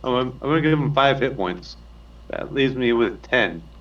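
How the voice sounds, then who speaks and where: A man's voice: medium pitch, expressive, normal speed, fairly bright tone, far from the mic. A man playing a tabletop game, hesitant and checking his rules as he talks. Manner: hesitant, reads rules aloud. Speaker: player. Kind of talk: casual game table talk. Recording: dull sound from away from the mic.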